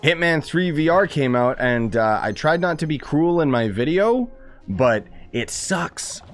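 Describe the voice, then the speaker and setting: A man's voice: a little high, big pitch swings, a little slow, faint music behind. A man streaming a game, chatting casually, rambling and joking with lots of restarts. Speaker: gaming streamer. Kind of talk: casual gameplay chat.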